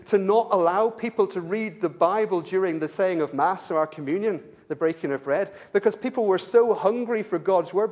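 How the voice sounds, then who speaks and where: High-voiced preacher, earnest sermon. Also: male voice, darkish tone. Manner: earnest, with frequent stumbling word repeats and rhetorical "don't we?".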